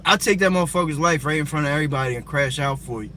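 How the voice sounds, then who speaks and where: A man's voice: fairly high pitch, racing, pushed and bright, slight background noise. A man from Brooklyn, ranting on a livestream in a confrontational, profane way and firing rhetorical questions at viewers. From Brooklyn, New York. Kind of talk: heated livestream rant answering viewers. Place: parked car on a city street. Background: faint music playing.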